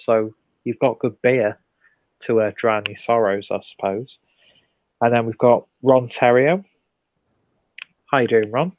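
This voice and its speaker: English male streamer, casual and sweary, mid-pitched, dry close mic. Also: no echo, low-quality recording. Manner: relaxed, rambling, sweary, reads viewer comments aloud. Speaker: host of a live beer review stream. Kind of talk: casual late-night live stream chat.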